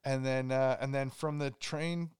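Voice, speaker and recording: A man's voice: medium pitch, steady tone, unhurried, a little mellow, clear, resonant tone, no echo, studio quality. A young man, co-hosting a podcast and telling a story in a rambling, swearing way, acting out what people said. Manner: rambling, swearing, acts out quotes. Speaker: podcast co-host. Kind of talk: casual storytelling chat.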